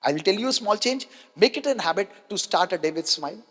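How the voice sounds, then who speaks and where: A man's voice: sits high, animated, quick pace, a bit bright. A man gives a motivational health talk to an audience, emphatic and repeating key lines, with rhetorical questions. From India. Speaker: doctor giving a health talk. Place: large hall with an audience. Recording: long hall reverb.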